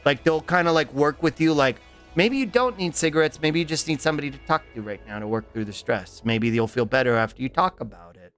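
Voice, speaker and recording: A man streaming and chatting casually with his chat, halting and giggly, with lots of repeated words and restarts. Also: a little high, expressive, fairly bright tone, faint music behind. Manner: affectionate and giggly. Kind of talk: casual livestream chat reading chat.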